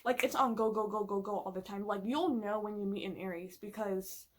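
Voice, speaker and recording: A woman's voice: mid-range voice, brisk, background noise. A woman vlogging in casual chat, swearing often and filling her talk with "like", playful and emphatic. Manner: profane, filler-heavy and chatty.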